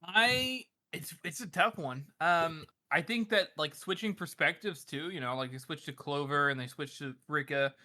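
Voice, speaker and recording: A man co-hosting a casual book podcast, eager and quick to agree with the others. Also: on the high side, sharp tone. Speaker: podcast co-host.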